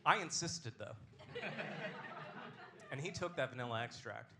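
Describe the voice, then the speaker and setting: A man hosting a comedy show, doing a stand-up set with a deadpan, self-deprecating delivery on a club stage. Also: medium pitch, measured pace, creaky, crowd noise, noisy background.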